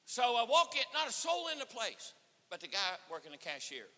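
A man preaching at a conference, telling a story with acted-out dialogue and rising to shouts. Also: extremely high pitch, normal speed. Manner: animated, acts out dialogue, swells to shouting. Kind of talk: sermon storytelling. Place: church or conference hall. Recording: reverberant hall.

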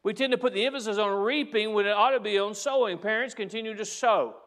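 A man's voice: high-pitched, quick pace, fairly bright tone. A man preaching a sermon as pastor, speaking to the congregation directly and driving home key phrases by repeating them.

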